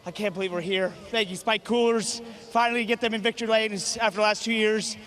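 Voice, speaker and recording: A man, the race winner, out of breath and shouting with elation in a trackside interview. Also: high voice, steady tone, quick pace. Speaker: winning driver. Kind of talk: post-race victory lane interview.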